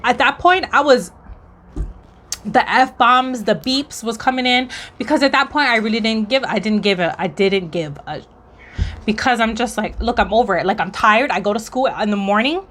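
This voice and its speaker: A woman's voice: a little high, moderate pace, fairly bright tone. A young woman from Hawaii telling a work story in a blunt, sassy, heated way, with swearing and slang. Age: young adult. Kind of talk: casual storytime monologue.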